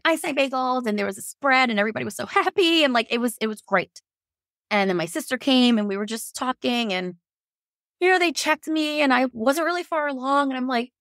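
A woman in her thirties telling her own story in a casual, animated way, quoting herself and others and laughing often. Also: on the high side, dry recording, clean studio sound. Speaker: podcast guest telling her birth story.

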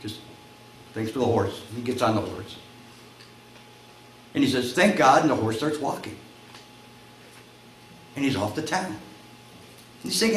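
A male pastor preaching a sermon, telling a story and acting out its voices, climbing to shouts at the high points. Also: moderate pace, long pauses. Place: church sanctuary. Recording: echoey church room, faint noise.

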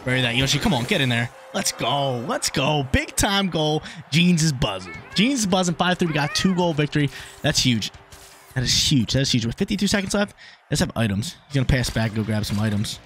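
A young man giving live commentary over his own online soccer game, excitable and swinging between hype and frustration. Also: a little high, a little fast, faint music behind. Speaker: gaming YouTuber.

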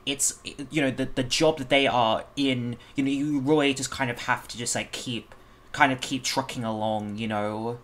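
A man's voice: mid-range voice, steady tone, moderate pace, a bit bright. Rambling male reaction host. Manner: rambling, many fillers and restarts. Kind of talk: casual reaction commentary.

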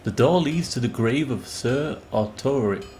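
A man's voice: medium pitch, lively intonation, a little slow, darkish tone, a little hiss or hum. A man giving casual, rambling commentary while playing a game and reading its text aloud. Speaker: streamer.

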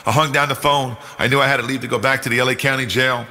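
Bright-voiced older man giving testimony. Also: mid-range voice, fairly even intonation, quick pace. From New York, US. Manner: earnest, emphatic, acts out quoted speech. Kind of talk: personal testimony storytelling. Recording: long hall reverb.

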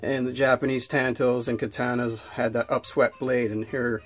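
A man talking through an unboxing in a loose, rambling way, full of restarts and fillers. His voice sits at an ordinary middle pitch, and he gets worked up and heated as he rants. Faint music plays underneath. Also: level tone, normal speed. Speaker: knife reviewer. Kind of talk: casual unboxing review with a rant.

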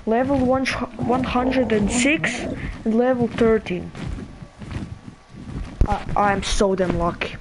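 Woman, game streamer, excited and breathless, very slow drawn-out talk, game sounds behind. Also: on the high side, background noise. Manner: excited, repeats exclamations, breathless. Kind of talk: live gameplay commentary.

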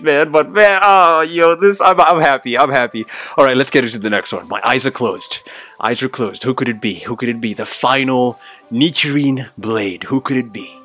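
A man hosting an unboxing video, talking viewers through each piece with fillers and sudden shouts of excitement. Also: fairly high pitch. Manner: many fillers, addresses viewers.

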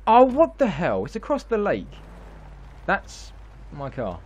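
A man, excitably narrating gameplay and laughing constantly between exclamations and swearing. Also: high voice, unhurried. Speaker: gaming video host. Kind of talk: excitable live gameplay chat.

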